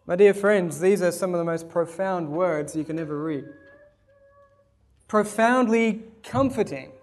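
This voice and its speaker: A man preaching a sermon. He reads passages aloud and comments on them, with big swings in loudness. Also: high-pitched. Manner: slow, emphatic delivery with big swings in loudness. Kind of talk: sermon reading and commenting on scripture.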